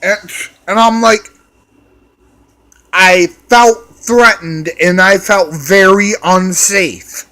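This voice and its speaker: A man with a high, bright voice tells a crude story at an unhurried pace. He swears constantly and circles back with restarts and repeated phrases. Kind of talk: profane storytelling rant.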